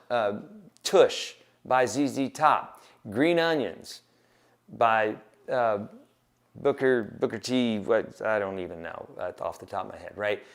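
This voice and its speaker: A man's voice: fairly low pitch, takes it slowly, creaky. Casual man teaching guitar on a livestream. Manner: casual, encouraging, counts and scats beats aloud.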